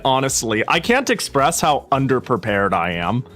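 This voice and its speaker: A man's voice: on the low side, very animated, normal speed, a bit bright, soft background music. A man streaming live, chatting casually and rambling with many restarts and swearing, slightly out of breath. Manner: rambling, self-interrupting, swears freely.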